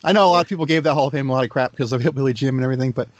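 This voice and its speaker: A man's voice: medium pitch, rapid-fire, no room sound, muffled recording. A man co-hosting a casual wrestling podcast, teasing his partner and laughing often. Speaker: podcast co-host.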